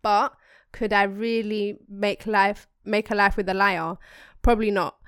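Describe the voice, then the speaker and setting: A young woman co-hosting a podcast, reading a listener's email with slangy, animated asides. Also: medium pitch, unhurried, clean tone, no echo, studio quality. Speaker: podcast co-host. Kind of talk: casual chat, reading a listener email aloud.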